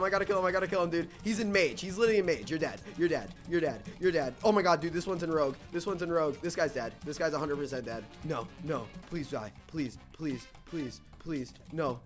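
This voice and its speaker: A young man giving live commentary on a game, excitable, switching between nervous muttering and loud outbursts, saying "dude" and "bro" all the time. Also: on the high side, quick pace, hardly any pauses, soft background music. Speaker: gaming YouTuber.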